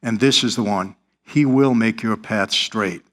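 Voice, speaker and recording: A man's voice: lowish voice, a little slow, fairly bright tone. A middle-aged man, telling his life story in earnest, confessional style as an interview guest. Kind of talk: interview testimony.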